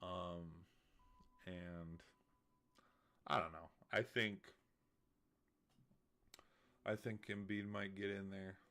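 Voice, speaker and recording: On a late-night livestream, a tired male streamer with a low voice rambles casually and grows heated, full of filler words and restarts. His delivery is flat and pushed bright, with drawn-out words and frequent pauses.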